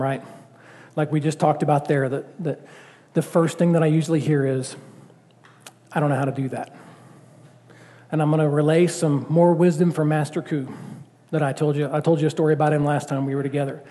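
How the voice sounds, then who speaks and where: A male pastor preaches in a loose, conversational way and keeps asking the congregation questions. His voice sits slightly high and sounds mellow. A long reverb from the church hall hangs after his phrases. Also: brisk. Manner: conversational, animated, full of rhetorical questions. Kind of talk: sermon.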